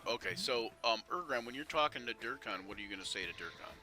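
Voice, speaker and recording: A man narrating a tabletop game as game master, talking in a halting way with fillers and often clearing his throat. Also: mid-range voice, lively intonation, sharp tone, soft background music.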